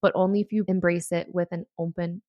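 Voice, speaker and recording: A woman hosting her own podcast, chatting excitedly and reading tarot passages aloud. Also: on the low side, a little fast, dry recording, highs cut off. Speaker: podcast host. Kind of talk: casual solo podcast talk.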